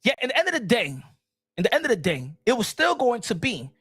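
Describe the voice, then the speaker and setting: High-voiced man ranting about boxing. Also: fast talker, breathy edge, no room sound, clean studio sound. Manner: animated and repetitive, many restarts and rhetorical questions. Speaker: boxing commentator. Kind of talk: casual commentary.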